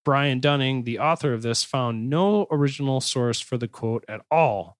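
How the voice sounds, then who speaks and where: A man's voice: mid-range voice, moderate pace, no room sound, clean studio sound. A man hosting a podcast, chatting loosely and reading notes aloud with frequent restarts and jokes. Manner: rambling, joking, self-correcting restarts. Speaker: podcast host.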